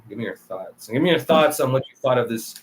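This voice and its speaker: A man casually recapping anime episodes for a review show, talking loosely with lots of fillers and quick laughs. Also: mid-range voice, lively intonation, a little hiss or hum. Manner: loose and chatty, full of "like" and "kinda", laughs often.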